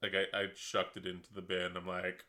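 A man's voice: sits low, monotone, normal speed, pushed and bright. A man co-hosting a podcast in casual chat, laid-back and jokey, backing up his co-host. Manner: laid-back, supportive reactions, jokey asides.

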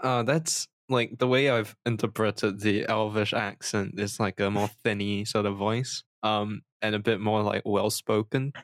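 A man's voice: lowish voice, level tone, a little slow, hardly any pauses, no echo, studio quality. A man co-hosting a casual podcast, teasing with short replies. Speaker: podcast co-host. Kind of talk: casual chat.

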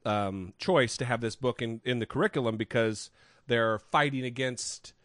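A man with a medium-pitched, slightly bright voice co-hosts a podcast, chatting casually at a moderate pace. He rambles and pokes fun at himself. The recording is clean studio sound with no room echo.

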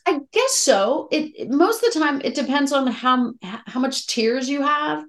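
A woman's voice: sits high, lively intonation, moderate pace. A middle-aged woman, an actress, talking candidly and emotionally in a casual interview, with many fillers and restarts. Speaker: actress guest.

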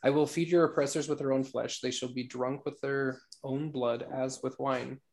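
A man leading an online scripture study group, talking in a relaxed, halting way with fillers and reading passages aloud. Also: medium pitch.

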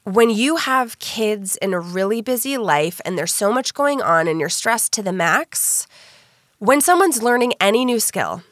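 Candid, animated woman chatting. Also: medium pitch, measured pace, no echo, studio quality. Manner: animated, candid, swears freely. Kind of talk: casual chat.

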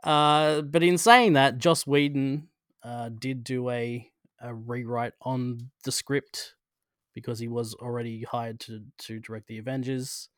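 A man's voice: medium pitch, steady tone, unhurried, clean tone, no echo, clean studio sound. A man co-hosting a podcast who chats casually, swears freely and reads a plot summary aloud in a rambling, self-interrupting way. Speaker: podcast co-host.

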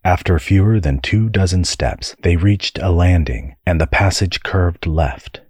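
A man reading an audiobook with measured, steady storytelling. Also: deep voice, breathy edge, no room sound. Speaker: audiobook narrator. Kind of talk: scripted narration.

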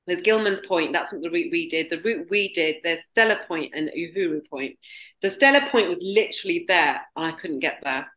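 Halting woman speaker, roomy echo. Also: fairly low pitch, animated, a bit bright. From United Kingdom. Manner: halting, with many restarts and fillers. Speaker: guest. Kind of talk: candid storytelling.

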